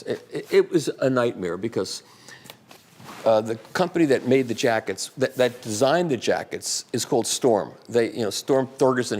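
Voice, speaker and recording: A man in his sixties, invited to speak at a radio museum event, has a medium-pitched, darkish voice. He rambles casually through anecdotes, is self-deprecating, and answers questions from the audience.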